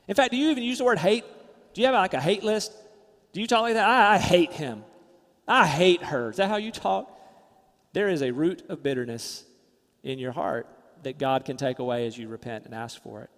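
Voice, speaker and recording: A man preaching a sermon as pastor, emphatic, rising loud then dropping to quiet, soft asides. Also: on the high side, in a large hall.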